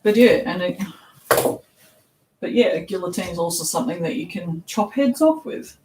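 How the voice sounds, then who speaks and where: A woman's voice: on the low side, expressive, normal speed, a little mellow, far from the mic. Australian woman, casual chatter, laughs a lot, roomy echo, a little off mic, faint background noise. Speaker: soap shop owner packing orders. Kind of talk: casual live-stream chat while working. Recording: echoey room, voice somewhat off mic, faint noise.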